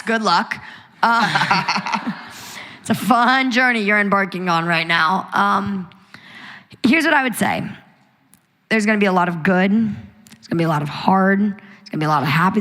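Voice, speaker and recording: A bubbly young woman with an American accent, her voice bright and forceful. She chats as a guest in a live onstage conversation, animated and quick to laugh. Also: mid-range voice. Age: young adult.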